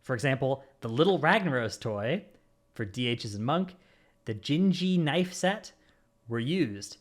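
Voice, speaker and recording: A man's voice: mid-range voice, sing-song, a little slow. Casual man hosting a gaming podcast. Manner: rattles off lists of supporter names with jokes. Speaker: podcast host.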